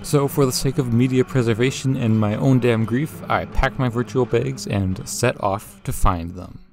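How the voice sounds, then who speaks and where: A young man, a YouTuber, narrating his own vlog in a jokey, lively way with swearing and laughs. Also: medium pitch, moderate pace.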